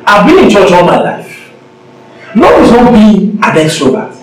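A man preaches with a high, very animated voice that swoops up and down. He is emphatic and acts out the people he quotes. The sound comes from a distant mic in a very echoey church. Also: unhurried. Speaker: pastor. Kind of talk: sermon. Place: church sanctuary.

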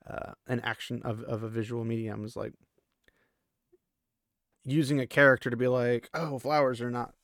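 A man's voice: medium pitch, fairly even intonation, normal speed, long pauses, a bit bright, dry recording, studio quality. A man hosting a podcast, recapping a book chapter in a chatty, loose way full of casual asides. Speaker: podcast host.

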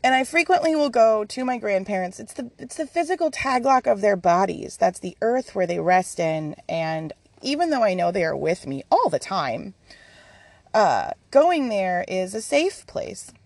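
A woman's voice: medium pitch, very animated, moderate pace, creaky. A woman talks through her own podcast in a frank, chatty monologue, swearing without a second thought. Her voice sits mid-height and moves a lot, rising and dipping with feeling. She is recorded outside in a yard, and the sound stays dry, with no room echo. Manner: candid, chatty, swears freely. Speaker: podcast host. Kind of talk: casual personal podcast monologue. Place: outdoors in a yard.

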